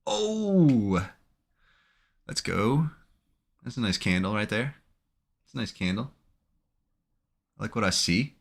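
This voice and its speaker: A man's voice: fairly low pitch, normal speed, vocal fry, pauses often, a bit bright. A man giving live commentary on his own trades, talking to himself in an anxious, emotional way. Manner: anxious, emotional self-talk. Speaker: day trader streaming his trading.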